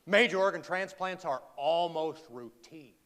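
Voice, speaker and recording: Man playing a doctor, matter-of-fact, clinical, flat delivery, high-pitched, echoing hall. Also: unhurried. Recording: reverberant hall, faint background ambience.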